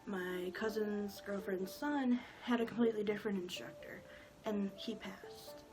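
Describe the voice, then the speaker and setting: A woman's voice: medium pitch, unhurried, over music, poor audio. A woman in her twenties telling a personal story in a casual, rambling way with lots of filler words. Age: 20s. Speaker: vlogger.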